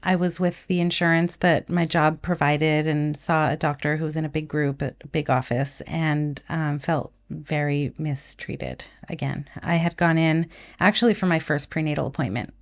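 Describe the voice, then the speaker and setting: A woman's voice: sits low, fairly even intonation, moderate pace. A woman who is a nurse, speaking as a podcast guest and telling her own story candidly. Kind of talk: casual conversation.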